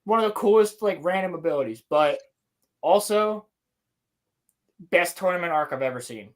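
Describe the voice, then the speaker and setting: A young man co-hosting a casual podcast, talking about anime in an excited, rambling, slang-heavy way. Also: high voice, normal speed. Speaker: podcast co-host. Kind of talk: casual chat.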